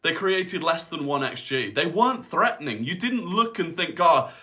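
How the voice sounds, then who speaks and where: A man's voice: fairly high pitch, animated, normal speed, bright, forceful tone. A man giving an incredulous, critical football match reaction.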